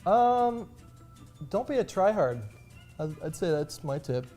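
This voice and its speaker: A man with a warm, mellow voice trades crude jokes in a loose, casual chat. Faint music plays under him, and his tone stays relaxed and offhand throughout. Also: sits high, a little slow. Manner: crude, joking. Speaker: co-host.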